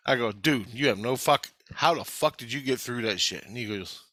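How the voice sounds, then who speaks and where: Man vlogger, tense forceful voice, swears constantly, rambling storyteller, dry close sound. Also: medium pitch, fairly quick, few pauses, no echo. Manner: profane, intense, rambling storytelling. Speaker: vlogger recounting past-life memories. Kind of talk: casual spoken monologue.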